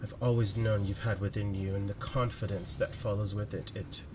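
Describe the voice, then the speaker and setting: A man's voice: lowish voice, fairly even intonation, normal speed, background noise, close to an everyday voice. A man voicing a devoted male lover reading out a tender, teasing farewell letter in a tabletop game.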